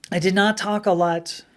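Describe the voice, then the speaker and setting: A middle-aged woman from Southern California hosts a live stream, chatting casually with viewers and telling rambling stories full of restarts. Her lowish voice is slightly rough from hours of talking.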